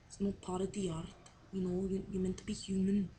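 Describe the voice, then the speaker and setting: A woman's voice: medium pitch, level tone, brisk, dark tone, a little hiss or hum, low-quality recording. A young woman talking to camera in a casual video diary, rambling and unsure of herself, with many fillers. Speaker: drama student on placement.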